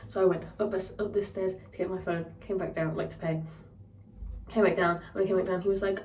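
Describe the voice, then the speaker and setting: A woman's voice: medium pitch, a little fast, darkish tone, recorded from a distance. Sweary young woman ranting in an echoey room. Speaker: vlogger. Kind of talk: casual storytelling. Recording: roomy echo, voice set back from the mic.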